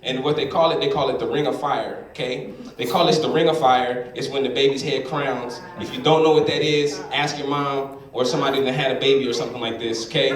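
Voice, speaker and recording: This time the stand-up comedian speaks at a medium pitch, fairly quickly and with few pauses. He brings his stories to life by voicing the people in them, captured distantly in a roomy hall over a loud crowd.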